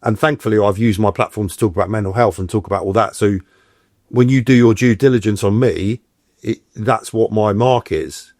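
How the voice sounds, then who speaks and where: Man, middle-aged, actor guest, low-ish voice, animated storytelling, dry room. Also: fairly quick, no echo. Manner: animated, acts out quoted voices. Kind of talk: casual interview storytelling.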